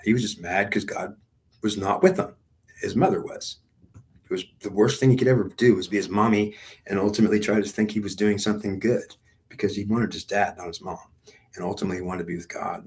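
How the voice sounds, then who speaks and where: A man's voice: low voice, steady tone, fast talker. A man telling a rambling spiritual story in a meandering, repetitive way, full of fillers and restarts.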